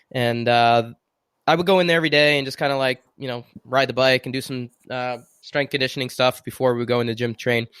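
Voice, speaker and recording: A man hosting a podcast, telling an animated story in casual chat and acting out the quotes. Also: medium pitch, smooth, dry recording, studio quality. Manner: lively, animated storyteller who acts out quotes. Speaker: podcast host.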